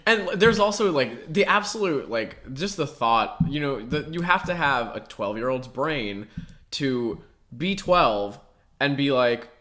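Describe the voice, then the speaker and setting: A young man in casual podcast chat, his voice bright and forward. He tells stories with animation, acting out both sides of online chats, and peppers his talk with swearing and filler words. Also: medium pitch, lively intonation, measured pace. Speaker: podcast co-host.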